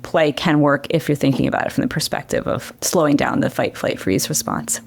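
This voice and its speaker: A woman guest on an interview show, an educator, explaining brain science in a lively conversational way. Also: deep voice, a little fast, vocal fry. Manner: animated explainer who acts out quotes. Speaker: guest educator and former children's TV director.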